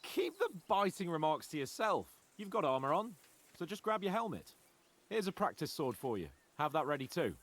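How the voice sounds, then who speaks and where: A man's voice: a little high, big pitch swings, moderate pace, fairly bright tone. A cocky young nobleman. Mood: teasing. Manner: teasing, commanding. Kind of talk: video game dialogue. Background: game music.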